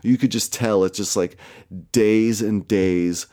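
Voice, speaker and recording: A man's voice: lowish voice, fairly even intonation, slow pace, mellow. A man casually telling a personal story, rambling and profane, with lots of fillers and self-mocking asides.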